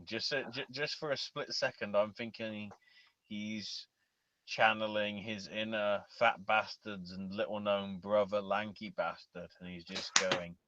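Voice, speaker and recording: A man's voice: on the low side, fairly even intonation, measured pace, sharp tone, dull audio, slight background noise. A man co-hosting a podcast in casual chat, making crude jokes and trailing off. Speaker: podcast co-host.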